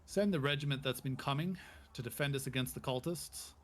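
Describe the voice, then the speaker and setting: A man's voice: a little high, lively intonation, slow, vocal fry, dark tone, slightly rough, pitched above the performer's own voice, full character voice. A man voicing a huffy, self-important army captain in a tabletop game who talks in pompous, clipped orders. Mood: commanding.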